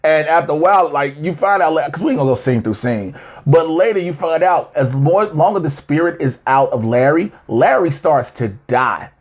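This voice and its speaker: A man co-hosts a casual TV episode review, his voice sitting a little high. He tells the story with lively swings and squeaky voices for the characters. He laughs often as he goes. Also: moderate pace. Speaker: co-host of a TV review show. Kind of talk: casual banter recapping an episode.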